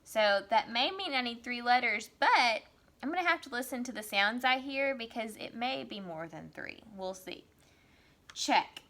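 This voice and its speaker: A young woman teaching first grade in a recorded remote lesson, sounding words out slowly and encouraging the children. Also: on the high side, animated, pushed and bright. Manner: slow, stretched-out sounding of words; encouraging, reassuring.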